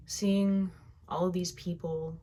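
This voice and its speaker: A woman guiding a tapping session, speaking slow, heartfelt first-person affirmations that trail off softly at the ends of phrases. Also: fairly low pitch, little pitch movement. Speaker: EFT tapping guide.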